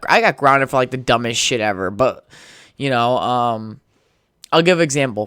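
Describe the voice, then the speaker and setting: Young man, tired, solo podcast host, rambling, profane, smooth clear voice, dry close mic. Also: mid-range voice, a bit bright, no echo. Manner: rambling, profane, laid-back. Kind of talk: casual solo storytelling. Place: home setup with a podcast mic.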